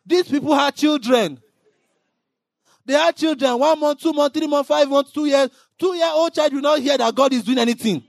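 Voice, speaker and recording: A man preaching a sermon in an impassioned way, now and then rising into shouted emphasis. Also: extremely high pitch, normal speed, vocal fry, dry recording, clean studio sound.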